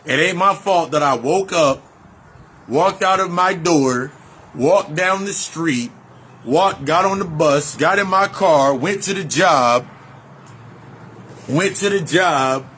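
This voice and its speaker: A man's voice: on the high side, slow, fairly bright tone, a little hiss or hum. A man talking as a life coach in a motivational monologue, blunt and preachy, repeating his points and swearing freely. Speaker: life coach and shadow-work healer.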